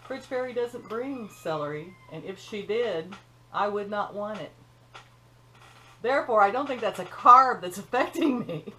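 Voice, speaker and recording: A woman's voice: mid-range voice, animated, moderate pace, sharp tone, slight background noise, low-quality recording. An older woman hosting her own cooking channel, talking in a folksy, chatty way with joking asides, from her home kitchen. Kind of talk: casual chat.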